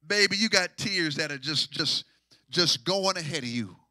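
A man a sermon as pastor, shouting and half-singing in rising waves and repeating phrases to draw responses. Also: on the high side, expressive, moderate pace, dry recording. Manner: shouting, sing-song preaching with repetitions.

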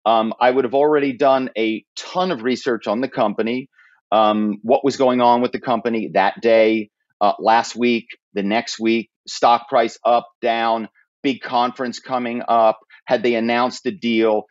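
A man speaking as a podcast guest, telling stories in an animated way and slipping into impersonations. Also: mid-range voice, a little slow, no room sound, highs cut off. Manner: animated storyteller who slips into impersonations. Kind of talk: interview conversation.

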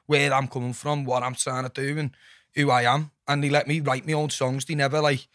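A young man with a Liverpool accent, a musician chatting casually on a podcast, sweary and animated. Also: mid-range voice, no room sound, clean studio sound. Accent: Liverpool (Scouse). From Liverpool, England. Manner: fast, sweary, animated storytelling. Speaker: musician guest. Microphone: studio mic.

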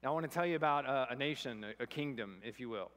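A man's voice: mid-range voice, fast, fairly bright tone, in a large hall. An American man preaching a sermon, mixing humorous personal stories with scripture. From United States. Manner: storytelling, self-deprecating humor. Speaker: pastor. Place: church sanctuary.

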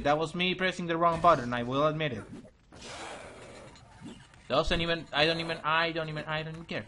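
Young guy ranting through a let's play, swearing and muttering, slightly high voice. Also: fairly even intonation, brisk, pauses often, bright, forceful tone. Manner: frustrated, swearing, muttering and repeating himself. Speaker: gaming channel host.

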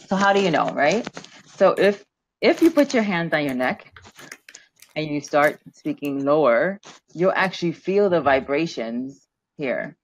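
A woman teaching a business webinar as a guest strategist, lively, laughing often and repeating words as she talks over a video call. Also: sits low, a little hiss or hum, rough recording.

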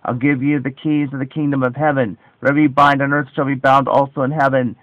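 A man's voice: mid-range voice, flat delivery, quick pace, dry recording, highs cut off. Solemn man reading scripture.

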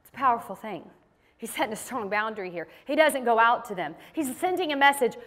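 A woman delivers a sermon in a casual, storytelling way, acting out quoted voices as she goes. Her voice sits high, and long reverb from a big church hall trails after her words. It sounds like a women's ministry teaching. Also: animated, fast, a bit bright. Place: church sanctuary.

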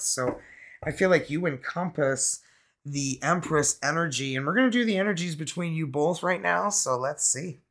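A Canadian woman giving a casual, rambling tarot reading to camera, with lots of fillers and laughter. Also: sits low. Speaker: tarot reader.

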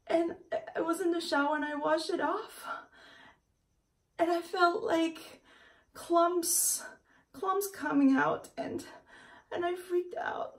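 A woman vlogging to camera in a panicky, breathy way, often close to tears. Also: very high voice, steady tone, takes it slowly, pauses often. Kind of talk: distressed casual vlog to camera. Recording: voice a little far from the mic.

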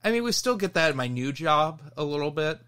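A man co-hosting a casual podcast, telling an animated story and laughing as he goes. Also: fairly high pitch, a little fast, clear, resonant tone. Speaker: podcast co-host.

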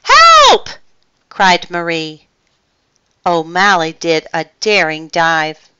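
A woman reading a children's picture book aloud with expressive storytelling. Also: on the low side, a little slow, clean tone, no echo, dull audio.

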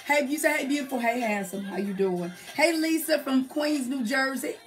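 A woman's voice: sits high, moderate pace, faint music behind. A woman hosting a live-stream show, chatting casually and greeting viewers by name. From United States. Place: indoor home studio under bright lights. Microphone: webcam or phone live stream.

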